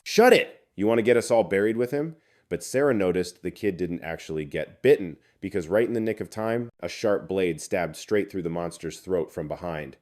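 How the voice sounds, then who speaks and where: A man's voice: deep voice, a little mellow. A man narrating a comic recap in a chatty, slangy scripted storytelling manner.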